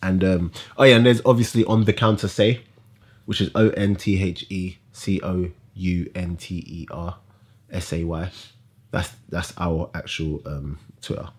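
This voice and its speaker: Husky laid-back man. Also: low-pitched, steady tone, a little slow. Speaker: podcast co-host. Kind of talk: casual chat.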